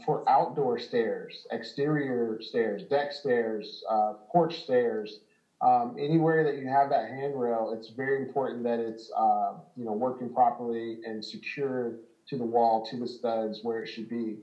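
A man's voice: medium pitch, echoey room, lo-fi sound. A man hosting a casual home repair talk, explaining with many ums and small laughs. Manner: relaxed, filler-heavy explaining. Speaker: home repair business host. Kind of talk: casual chat.

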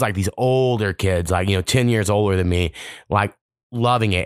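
A man's voice: sits low, no room sound, studio quality. Profane man telling casual stories. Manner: profane, animated, quotes people in put-on voices. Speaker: podcast host. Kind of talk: casual solo storytelling.

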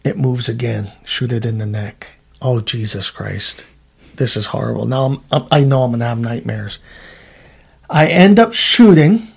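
Middle-aged guy, ex trooper, telling wild stories, swears a lot, acts out the voices, medium pitch. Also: moderate pace, gravelly, breathy edge. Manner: animated storyteller, swears, acts out quotes. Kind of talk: casual storytelling chat.

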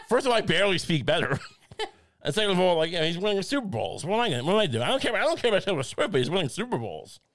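A man's voice: sits high, wildly swooping pitch, quick pace, a bit bright. A man co-hosting a comedy podcast, rambling and stammering through jokes and laughing at his own bits. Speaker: podcast co-host. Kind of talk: casual comedic chat.

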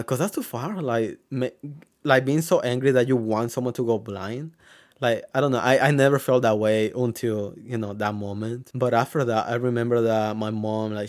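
A man's voice: mid-range voice, darkish tone. Young man telling a story with endless fillers. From Mexico. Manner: rambling, frequent fillers like "like" and "you know", swears freely. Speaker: vlogger. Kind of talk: casual storytelling to camera.

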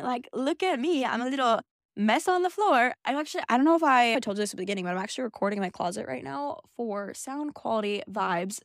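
A woman's voice: mid-range voice, dry recording, clean studio sound. A young woman hosting a podcast, telling a personal story in a candid, emotional way, recorded in a small closet. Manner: candid and emotional, quick asides. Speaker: podcast host.

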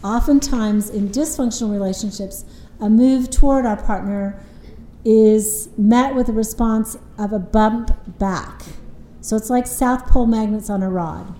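A woman's voice: a little high, measured pace, dark tone, echoey room, poor audio. A woman couples therapist explaining relationship patterns in an earnest, conversational way, often retelling what her clients said.

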